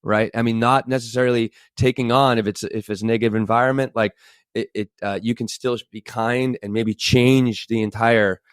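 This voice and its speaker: A man co-hosting a casual podcast, talking in a rambling, animated way with restarts and the odd swear word. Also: medium pitch, moderate pace, smooth, no room sound, studio quality. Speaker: podcast co-host.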